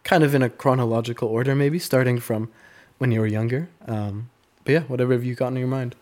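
Man, podcast host, sick voice, mid pitch, friendly and loose. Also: fairly even intonation, brisk, a little mellow. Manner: friendly, loose, hesitant fillers. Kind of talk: casual interview.

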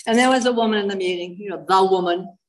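A woman's voice: mid-range voice, fast talker, crowd noise, low-quality recording. A woman from Massachusetts giving a personal testimony to a live audience, wry and self-mocking as she tells her story. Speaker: speaker sharing her recovery story.

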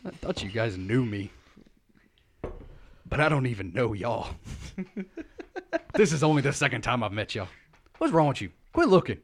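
A man's voice: medium pitch, very animated, moderate pace, pauses often, slight background noise. Teasing young man running a party game. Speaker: game player. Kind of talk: casual drinking-game chat.

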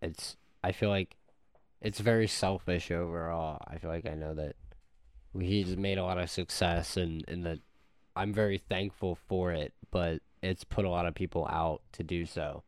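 A man's voice: deep voice, fairly even intonation, normal speed, smooth, no room sound, studio quality. A man playing a tabletop game, speaking thoughtfully and earnestly. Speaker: player. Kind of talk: tabletop role-play.

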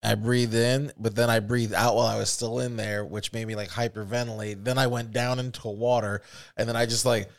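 A young man in a laid-back podcast chat with a plain, mid-pitched voice. He tells his stories with energy and swears freely as he goes. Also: brisk, vocal fry. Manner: profane, animated storytelling. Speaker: podcast co-host. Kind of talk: casual chat.

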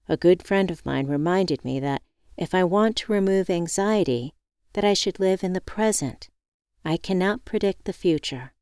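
A woman narrating a first-person audiobook in a measured, expressive reading, close to the mic. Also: low voice, smooth, dry recording.

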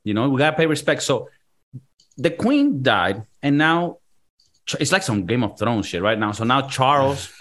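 Guy hosting a podcast, crude and jokey, rambly casual banter, middle pitch. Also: sing-song, moderate pace, a bit bright. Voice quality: loose, profane, jokey delivery. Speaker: podcast host.

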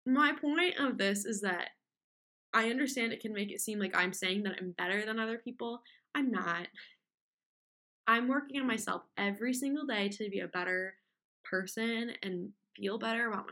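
A young woman hosts a podcast solo, speaking candidly in a fairly high, fairly bright voice at normal speed with long pauses. She rambles through her points with frequent fillers and restarts, interrupting herself, and mocks complainers by putting on whiny voices.

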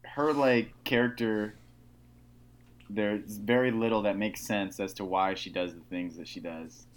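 A man's voice: lowish voice, unhurried. A man co-hosting a podcast, chatting casually about a movie, swearing and laughing a lot. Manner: profane, animated, laughing often. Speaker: podcast co-host.

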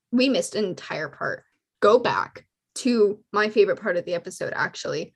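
Excitable young woman podcast co-host. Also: medium pitch, normal speed, slightly rough. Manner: excitable, gushing, laughs often. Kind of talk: casual fan podcast chat.

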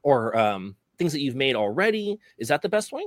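A man's voice: mid-range voice, big pitch swings, normal speed, no echo. A man hosting a podcast in casual chat, joking around and slipping into exaggerated voices when he quotes people. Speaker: podcast host.

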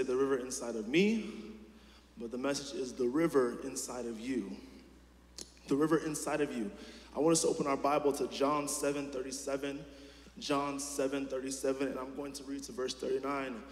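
A man preaching a sermon in a casual, chatty way, full of fillers and restarts and questions put straight to the congregation. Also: mid-range voice. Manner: talks directly to the congregation with questions. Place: church hall. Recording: echoey hall with long reverb.

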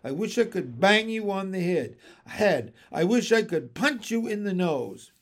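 A man's voice: sits high, sing-song, unhurried, full character voice. A man voicing an exasperated female frog, fussing and scolding her mate. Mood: angry. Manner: fussy, scolding complaints. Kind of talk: storybook read-aloud.

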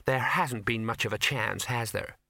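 A man's voice: medium pitch, creaky, sharp tone, no room sound, clean studio sound. A man playing Ginger, a fiery anxious young actress. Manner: quick, anguished and snappish.

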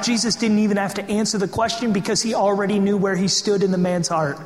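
A man's voice: sits high, steady tone, brisk. A man pastor delivering an impassioned, emphatic sermon full of rhetorical questions, in a church sanctuary. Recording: echoey hall with long reverb.

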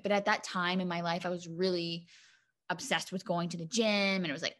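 A woman's voice: on the low side, expressive, a little fast, a bit bright. A young woman co-hosting a podcast, chatting casually, swearing freely and filling with "like" and "um". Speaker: podcast co-host.

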